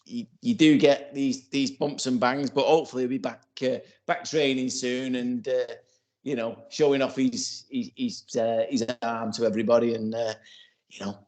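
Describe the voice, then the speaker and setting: A man's voice: medium pitch, steady tone, normal speed, a little mellow. Rambling man in his forties. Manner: rambling, full of "you know" and restarts. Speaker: podcast co-host. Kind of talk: casual podcast chat.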